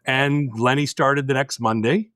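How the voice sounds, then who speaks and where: A man's voice: medium pitch, steady tone, measured pace, fairly bright tone, clear, resonant tone, no echo, clean studio sound. Blunt, intense middle-aged man telling a story. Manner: blunt, intense storyteller acting out quoted dialogue. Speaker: podcast host. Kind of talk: casual storytelling chat.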